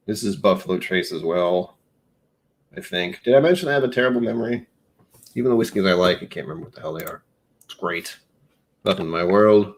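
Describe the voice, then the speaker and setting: Low-voiced man rambling on a livestream. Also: expressive, quick pace. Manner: rambling, self-mocking, jokey. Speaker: live streamer. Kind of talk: casual livestream chat.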